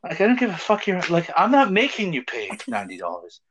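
On a casual talk show with dull lo-fi sound, a male co-host speaks fast in a high-pitched, fairly bright voice with huge pitch swings. He tells stories animatedly, laughing, swearing and acting out quotes.

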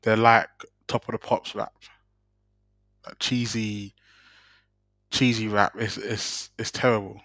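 A man's voice: lowish voice, little pitch movement, takes it slowly, pauses often, fairly bright tone, dry recording. A man, a podcast co-host talking casually, often laughing and restarting his sentences. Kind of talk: casual chat.

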